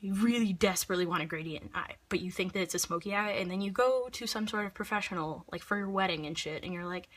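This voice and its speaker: A woman's voice: lowish voice, fast talker, hardly any pauses, fairly bright tone. A young woman ranting in a vlog, heated and profane, rambling with lots of filler words. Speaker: makeup vlogger.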